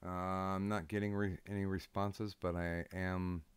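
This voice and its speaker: A man's voice: low-pitched, level tone, measured pace, clean tone. Hesitant, blunt-talking male streamer. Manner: hesitant, lots of ums, blunt swearing. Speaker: streamer host. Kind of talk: casual live-stream chat.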